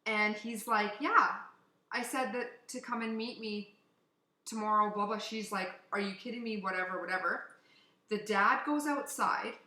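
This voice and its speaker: A woman co-hosting a casual podcast from Canada, telling a story in an animated way, swearing and acting out what people said. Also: mid-range voice. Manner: animated, swearing, acts out quotes. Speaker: podcast co-host. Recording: echoey room.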